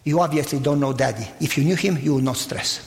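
A man doing a calm, assured young boy. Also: fairly high pitch, fast, gravelly, long reverb tail, over a noisy crowd, pitched below the performer's own voice. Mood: reassuring. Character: calm confident young boy reassuring adults.

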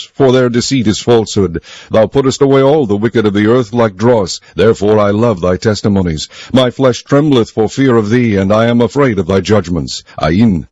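A man giving a solemn, measured scripted reading of scripture. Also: fairly low pitch, darkish tone, dry recording. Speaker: scripture reader.

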